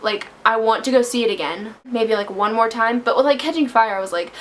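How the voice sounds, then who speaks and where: A young woman talks through a movie review in a casual vlog, gushing and emotional. Her voice sits a little high, and her feelings keep spilling into it. A faint hiss runs under the recording. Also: brisk. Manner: gushing, emotional, breaks into laughter and near tears. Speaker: book vlogger.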